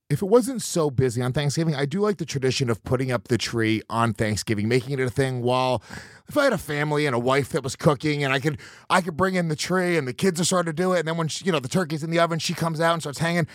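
A man's voice: medium pitch, dry recording, studio quality. A man, co-hosting a podcast in casual banter, rambling loosely and swearing a lot. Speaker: podcast co-host.

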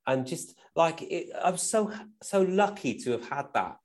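His voice is on the high side and animated, and he speaks a little slowly. As a guest musician, the man shares stories in a casual, lively way, frequently ending with "right?" and laughing.

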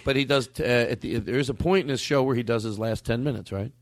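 A man's voice: medium pitch, fast talker, no echo. A man hosting a podcast, chatting casually and laughing easily. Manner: laughing, easygoing, gives playful orders. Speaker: podcast host. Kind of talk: casual chat.

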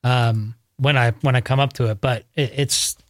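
A man's voice: mid-range voice, steady tone, moderate pace, dry recording. A man hosting a podcast from a studio, chatting casually and rambling a little as he goes. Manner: easygoing, rambling with restarts. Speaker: podcast host. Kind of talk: casual chat.

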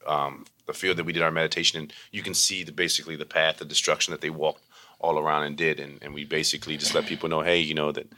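Man, deep voice, bright tone, quick pace, casual storytelling, meditation teacher. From Baltimore. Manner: animated, acts out voices in quotes.

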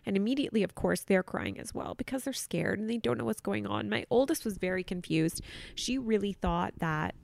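A woman's voice: mid-range voice, fast, gravelly, few pauses, darkish tone. A woman in her thirties hosting a podcast and telling a personal story candidly, choked up and close to tears. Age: 30s. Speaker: podcast host.

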